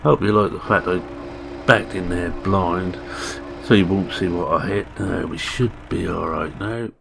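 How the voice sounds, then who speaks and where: Low gravelly Scottish man narrating gameplay. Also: steady tone, a little slow. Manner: chatty, self-deprecating, thinking aloud. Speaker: gaming channel host. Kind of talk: casual gameplay commentary. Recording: game engine and vehicle noise behind.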